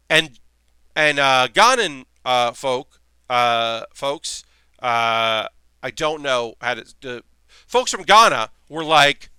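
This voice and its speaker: Male streamer host, casual rambling chat, bright crisp voice, dry close mic. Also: a little high, animated, slow pace, no room sound. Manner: rambling, lots of fillers and restarts. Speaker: streamer hosting a building stream.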